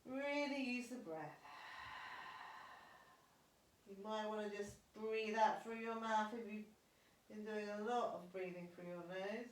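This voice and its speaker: A woman's voice: mid-range voice, normal speed. A woman yoga teacher guiding a live class through poses and breathing, with encouraging step-by-step cues. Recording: echoey room, voice from far off.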